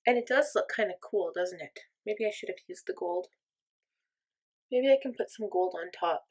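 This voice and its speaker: A woman's voice: mid-range voice, animated, moderate pace, a little mellow. A woman chatting casually through a makeup tutorial, thinking aloud and joking at her own expense. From mostly German, part Irish and Norwegian descent. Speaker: makeup vlogger.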